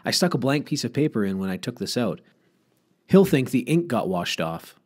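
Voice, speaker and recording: A man voicing a sneaky young schoolboy who talks in a hushed, matter-of-fact way, in a storybook reading. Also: mid-range voice, big pitch swings, normal speed, husky. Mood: secretive.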